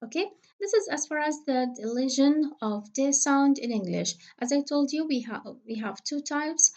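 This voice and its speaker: A woman with a somewhat high voice gives a recorded lesson on English pronunciation. She speaks patiently, with frequent fillers, and slowly repeats each example word. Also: lively intonation, a little mellow. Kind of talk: recorded phonetics lecture.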